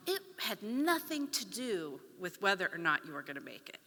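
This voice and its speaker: A woman's voice: medium pitch, brisk, hardly any pauses. A middle-aged woman giving a storytelling talk on stage, acting out the voices of the people in her story. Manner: animated, acts out quoted voices. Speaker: conference speaker; speech pathologist. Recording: long reverb of a hall.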